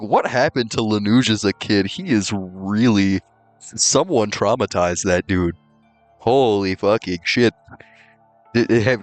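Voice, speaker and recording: A man hosting a let's play, reacting with laughs and swearing and reading game dialogue aloud. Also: on the low side. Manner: excitable, swears, laughs often.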